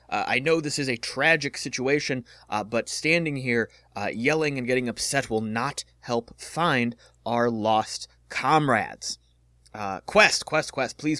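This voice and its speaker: A man's voice: mid-range voice, a bit bright, dry recording, studio quality, lightly acted. A man voicing a flustered older male town elder who repeats himself as he pleads with a crowd, in a tabletop game. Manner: flustered, repeats words over and over.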